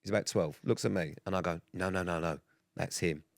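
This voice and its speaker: Give me a deep-voiced man in his thirties, co-hosting a chat podcast with dry, sweary storytelling. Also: brisk, gravelly, dry recording. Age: 30s. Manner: sweary, dry anecdotal delivery. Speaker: podcast co-host.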